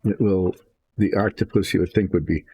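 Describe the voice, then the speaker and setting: Husky, gravelly man, casual hobby-painting host, self-mocking and indecisive. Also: low-pitched, steady tone, normal speed, warm tone. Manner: rambling, self-deprecating, indecisive. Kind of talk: relaxed hobby chat while painting.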